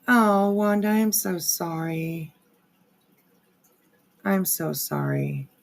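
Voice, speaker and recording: Slow, gravelly-voiced woman streamer. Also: fairly low pitch, huge pitch swings. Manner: rambling, many fillers, frequent swearing. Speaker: live streamer. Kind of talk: casual livestream commentary.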